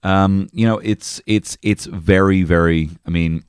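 Deep-voiced man rambling in comedy chat. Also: fairly even intonation, clear, resonant tone, no echo, studio quality. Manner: rambling, halting, crude. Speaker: podcast co-host.

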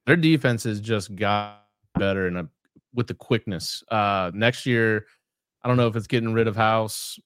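A man's voice: fairly low pitch, normal speed, fairly bright tone, clear, resonant tone, dry recording, studio quality. A man co-hosting a sports podcast, chatting casually and joking about the games. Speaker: podcast co-host.

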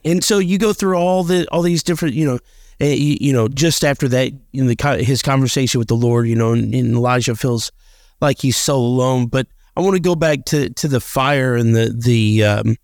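A man's voice: medium pitch, normal speed, a little mellow, dry recording, studio quality. A man co-hosting a podcast, talking earnestly about faith and reading scripture aloud, often repeating and restarting his words. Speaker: podcast co-host.

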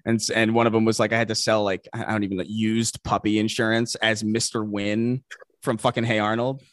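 A man chatting as a podcast guest, excitable and profane, tripping over quick restarts. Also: on the low side, no echo. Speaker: guest content creator. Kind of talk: casual podcast chat.

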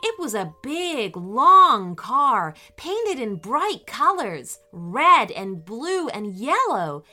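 A woman narrating a children's bedtime story with an animated, expressive delivery. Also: on the high side, drawn-out words, soft background music.

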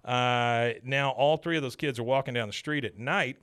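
A man's voice: mid-range voice, moderate pace, clean tone, no echo, clean studio sound. Chatty male podcast host recapping an episode. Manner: animated retelling, briefly mimicking characters' lines.

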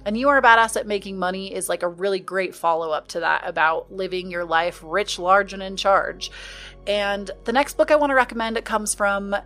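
A woman's voice: mid-range voice, normal speed, fairly bright tone, soft background music. Earnest woman hosting a podcast chat. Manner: earnest, heartfelt, spiritual encouragement. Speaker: podcast host. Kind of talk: casual sit-down chat.

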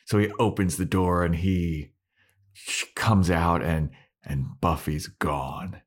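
A man's voice: low voice, steady tone, slow. A man co-hosting a podcast, casually recapping a TV episode scene by scene and acting out the characters' lines with swearing. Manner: retells scenes with acted-out quotes and swearing. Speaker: podcast co-host.

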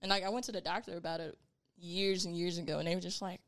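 A woman's voice: lowish voice, steady tone, fast. Chatty young woman in casual talk. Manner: chatty, trailing off with lots of "like". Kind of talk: casual chat.

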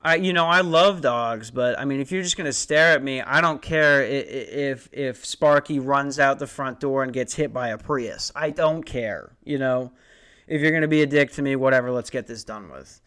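A man's voice: mid-range voice, normal speed, pushed and bright, clear, resonant tone. A young man hosting a podcast, telling a story in a rambling, profane, self-mocking way. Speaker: podcast host. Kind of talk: casual storytelling.

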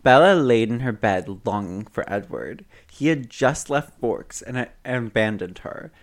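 A man's voice: medium pitch, lively intonation, a little slow. A man reading a silly fan fiction aloud with dramatic delivery, often breaking into laughter. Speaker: reader.

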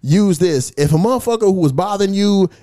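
Dude on a podcast, kinda high voice, super lively, swearing nonstop, reading out texts and roasting the guy. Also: brisk. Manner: profane storytelling, reads text messages aloud; animated, mocking. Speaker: podcast host. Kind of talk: casual podcast chat.

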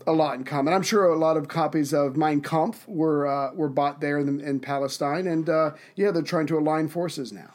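A man co-hosting a casual history podcast, reacting with quick wisecracks and summing up the story. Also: on the high side, steady tone, a little mellow. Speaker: podcast co-host.

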